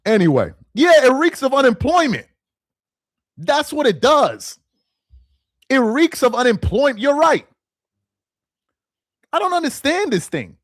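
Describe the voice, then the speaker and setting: High-voiced man in an exasperated rant. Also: big pitch swings, measured pace, long pauses, no echo. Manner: exasperated, repeats phrases for emphasis. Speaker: sports commentary channel host. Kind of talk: ranting commentary to camera.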